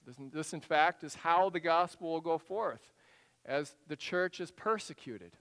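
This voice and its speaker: A man preaching a sermon, telling a story with drama, dropping to a hush and then rising to act out voices. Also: fairly high pitch, a little slow, clear, resonant tone, in a large hall. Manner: dramatic storytelling, drops to a hushed voice then rises to animated acted-out lines. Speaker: pastor.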